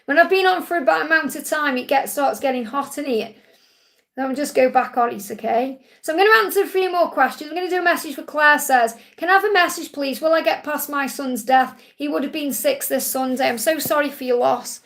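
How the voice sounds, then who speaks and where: This psychic reader has a high-pitched, fairly bright voice with vocal fry and speaks a little fast. Hosting a live Q&A stream on a tablet, she passes along spiritual messages gently and reassuringly.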